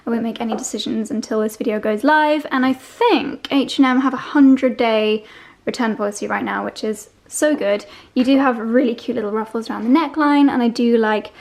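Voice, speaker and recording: A woman's voice: on the high side, brisk, a little mellow. A young woman, chatting casually through a fashion try-on vlog, gushing and easily sidetracked. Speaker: fashion vlogger.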